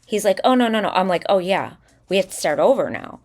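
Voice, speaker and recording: A woman's voice: mid-range voice, fast talker. A woman in her thirties co-hosting a casual podcast chat, telling stories about her kids and acting out their words. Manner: animated storytelling, acting out her son's lines. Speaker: podcast co-host.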